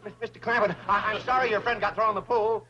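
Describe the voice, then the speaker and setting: An actor playing a flustered, fawning banker who grovels in a theatrical way, on an old sitcom soundtrack. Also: male voice, high-pitched, steady tone, fast, natural voice. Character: fawning, money-hungry middle-aged banker. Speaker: bank president. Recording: dull old TV soundtrack with hiss.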